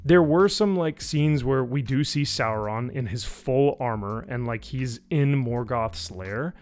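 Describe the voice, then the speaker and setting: A man's voice: a little slow, soft background music. Sarcastic man ranting on a stream. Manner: animated, sarcastic, many fillers, mimics people with high voices. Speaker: YouTube reviewer. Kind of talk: casual live-stream rant.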